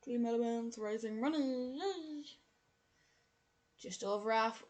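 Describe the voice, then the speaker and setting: A woman's voice: fairly high pitch, slow pace, darkish tone. Chatty, slightly tipsy woman. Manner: chatty, self-deprecating, laughs easily. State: a little tipsy. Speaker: streamer. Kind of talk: casual live-stream chat.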